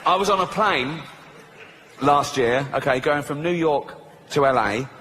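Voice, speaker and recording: A man's voice: fairly high pitch, unhurried, fairly bright tone, a little hiss or hum. An English man doing stand-up comedy, sardonic and profane, laughing at his own jokes.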